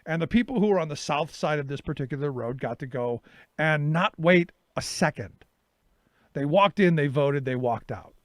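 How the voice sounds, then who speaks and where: Animated man telling a story, dry sound. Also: a little high, normal speed, no echo. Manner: animated storytelling, reenacts his own exchanges. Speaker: talk show host. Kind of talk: casual monologue.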